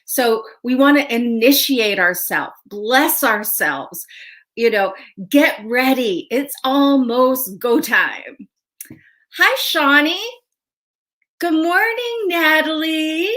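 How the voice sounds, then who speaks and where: A high-voiced woman chats through a casual livestream as a tarot show host, greeting viewers one by one and laughing easily. She talks at an unhurried pace and sounds a little stuffy from a sinus cold. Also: a bit bright. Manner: chatty, greets viewers by name, laughs often.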